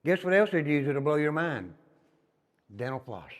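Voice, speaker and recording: An older man with a Tennessee Southern accent, a former inmate telling stories as he guides a tour through an old prison, emphatic and dropping to a low murmur on his repeated asides. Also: sing-song, moderate pace. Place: inside an old prison building. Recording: long reverb in hard rooms.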